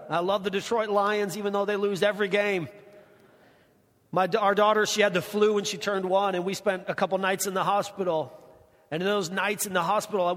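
A young adult man preaching a sermon in a casual, conversational way, slowing down to stress key words. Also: high voice, a bit bright. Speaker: pastor. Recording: long hall reverb.

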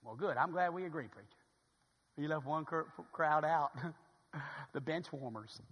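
Male pastor, fervent sermon delivery, high voice, echoing sanctuary. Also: moderate pace, long pauses, slightly rough. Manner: builds from quiet storytelling to loud fervent preaching.

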